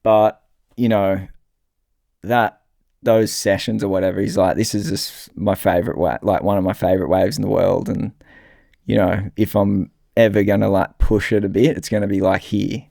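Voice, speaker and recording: A man with a low, gravelly voice, talking as a guest in a relaxed, rambling way. The recording is dry and close. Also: normal speed, dry recording. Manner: relaxed, rambling, many fillers. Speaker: guest filmmaker. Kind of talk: casual interview chat.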